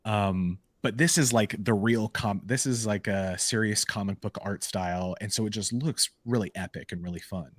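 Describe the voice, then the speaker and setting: A man co-hosting a podcast, casually retelling comic book stories in an animated way with lots of "like" and "um". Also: fairly low pitch, moderate pace, hardly any pauses, no echo. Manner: animated storytelling full of "like" and "um" fillers. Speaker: podcast co-host. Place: live podcast recording.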